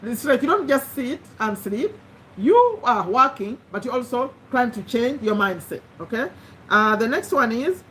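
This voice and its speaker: Bright-voiced woman coaching encouragingly. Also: on the high side, expressive, moderate pace, slight background noise. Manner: earnest and encouraging, repeats phrases with frequent restarts. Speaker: live-stream host. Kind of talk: motivational live-stream talk.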